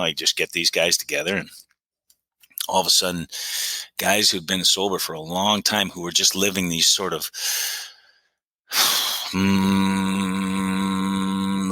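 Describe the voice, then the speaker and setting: A middle-aged man from Canada, a podcast guest telling recovery stories in an excitable, animated way. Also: low voice, dry recording, rough recording. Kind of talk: recovery story conversation.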